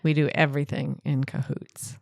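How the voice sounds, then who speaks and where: A woman's voice: low voice, flat delivery, moderate pace, gravelly, darkish tone, dry recording. Wry woman author, dry humor. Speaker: author and podcast co-host. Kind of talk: casual chat.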